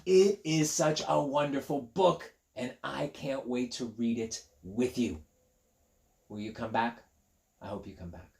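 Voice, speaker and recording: A male teacher reading a picture book aloud to children, gentle and chatty, repeating himself as he talks straight to the kids. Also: medium pitch, a little slow, gravelly. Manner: gentle, chatty and repetitive, talking directly to young kids.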